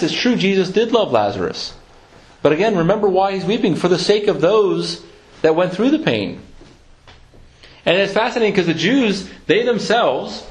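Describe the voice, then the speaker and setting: A man preaching a sermon in an earnest, reflective way, slowing down to quote scripture. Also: high voice.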